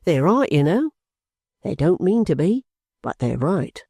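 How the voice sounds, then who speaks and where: A man voicing an excitable, puffing older male clerk in an audiobook, speaking in quick, high, snorting bursts. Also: gravelly, husky, no room sound, clean studio sound, full character voice. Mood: emphatic. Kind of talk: audiobook character voice.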